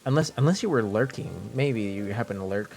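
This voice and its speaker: A man's voice: lowish voice, animated, a little fast, darkish tone, faint music behind. A man from French Canada streaming live, chatting casually and jokingly with his viewers, rambling and often repeating himself.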